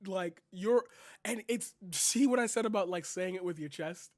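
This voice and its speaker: A man's voice: high voice, moderate pace, no echo, studio quality. A young man reacting to clips, sarcastic and incredulous, swearing freely and filling his talk with "like" and "bro". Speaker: commentary streamer. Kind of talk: reaction commentary.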